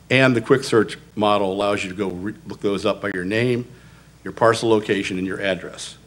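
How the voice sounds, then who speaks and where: A man's voice: fairly low pitch, fairly bright tone. Middle-aged male consultant, emphatic and explanatory, addressing a public meeting. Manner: emphatic, explanatory, stresses key words. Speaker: assessment consultant addressing city commission. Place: city commission meeting.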